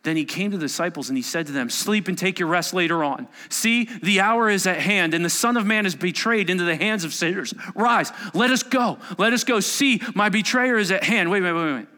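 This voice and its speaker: A man preaching a sermon and reading scripture aloud, swinging between hushed asides and loud exclamations. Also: sits high, lively intonation, brisk, hardly any pauses. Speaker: pastor. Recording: long hall reverb.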